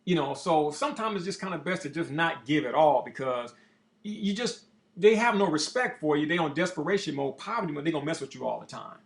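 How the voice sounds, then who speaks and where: A man who is a motivational speaker, telling a personal story in a casual, profane, animated way. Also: on the high side, fairly quick, gravelly. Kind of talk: storytelling monologue.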